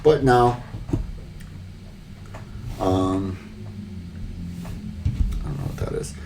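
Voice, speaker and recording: A man's voice: sits low, extremely slow, recorded from a distance, background noise. A man hosting a podcast, recapping the week's wrestling in a rambling, wry way full of fillers. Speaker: podcast host.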